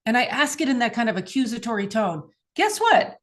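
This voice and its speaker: A woman with a fairly high voice gives a casual spiritual talk to her viewers. She speaks earnestly and with animation, acting out questions in different voices and laughing from time to time. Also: very animated, fairly quick. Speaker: host of a spiritual mindset show. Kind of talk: casual spiritual teaching monologue.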